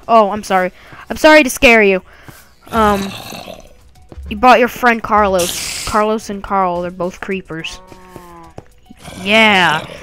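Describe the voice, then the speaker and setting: A woman's voice: mid-range voice, a bit bright. A woman narrating her own game play in a casual way, chatting to the monsters and yelping when she is startled. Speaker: let's play gamer.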